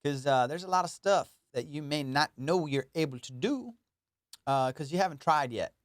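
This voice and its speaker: A man's voice: fairly high pitch, expressive, moderate pace, dry recording. Playful rambling man, clean dry voice. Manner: rambling, playful and self-mocking, swears freely. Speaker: comedian hosting his own podcast. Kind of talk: casual solo podcast chat.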